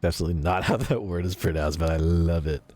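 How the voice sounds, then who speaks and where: A man's voice: low-pitched, fast talker, darkish tone, no room sound. A man streaming a video game, chatting casually, joking and laughing often. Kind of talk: casual gameplay commentary.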